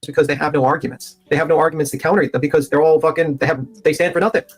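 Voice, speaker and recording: A man's voice: a little high, fairly even intonation, rapid-fire. A man talking on a live stream clip, rambling and repeating "I mean" and "you know what I mean.".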